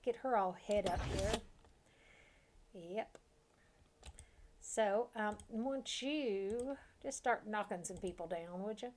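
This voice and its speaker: A chatty woman streaming a fantasy role-playing game, mixing casual asides with giggles. She reads the game's narration aloud in between her comments. Her voice sits at a middling pitch for a woman. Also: slow, long pauses, a little mellow.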